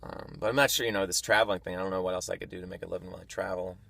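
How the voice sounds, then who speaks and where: A man's voice: low voice, steady tone, rapid-fire, gravelly, a bit bright, dry recording. A man recording a casual video diary on the road, talking frankly about his week, venting anger and swearing, often restarting his sentences. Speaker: vlogger. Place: on the road, travelling. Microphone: camera mic.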